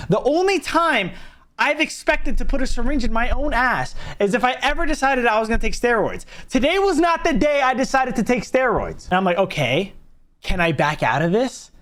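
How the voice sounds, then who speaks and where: Young male storyteller, high, very lively voice, profane and animated. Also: normal speed. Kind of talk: casual storytelling vlog.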